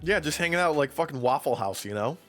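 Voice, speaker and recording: Male podcast co-host, loose and profane, animated when quoting, light music bed under the voice. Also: on the high side, fast. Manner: profane, laughing, acts out quotes in voices. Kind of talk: casual wrestling recap chat.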